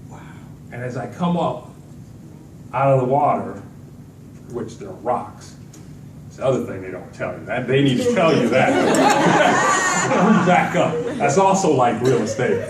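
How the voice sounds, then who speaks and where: A middle-aged man giving a storytelling talk to a conference audience, acting out the people in his stories. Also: high-pitched. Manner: animated storytelling with acted-out quotes. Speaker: motivational speaker. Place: large event hall with an audience. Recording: echoey hall, distant mic, noisy.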